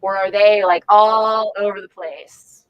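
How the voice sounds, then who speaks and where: A woman leading an informal volunteer training session, talking frankly with lively asides. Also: medium pitch, slow pace, clear, resonant tone, dull audio. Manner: frank, animated, chatty with asides and laughs.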